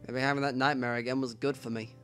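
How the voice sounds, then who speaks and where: A man's voice: mid-range voice, flat delivery, quick pace, faint music behind. Man reading a visual novel aloud. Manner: reads narration aloud with quiet asides. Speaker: let's play narrator.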